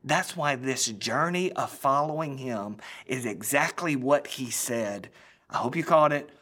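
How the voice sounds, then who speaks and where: A man preaching a sermon as a pastor, swinging between loud, emphatic lines and hushed, almost whispered ones. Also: mid-range voice, animated, a little slow.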